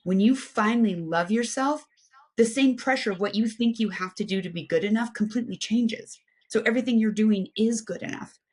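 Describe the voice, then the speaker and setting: A woman's voice: a little high, brisk, a little mellow, husky. A woman in her fifties from the United States, a podcast guest telling her life story with energy, talking at length in long flowing runs. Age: 50s. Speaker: guest, aerospace engineer and adventure athlete. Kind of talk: animated personal storytelling.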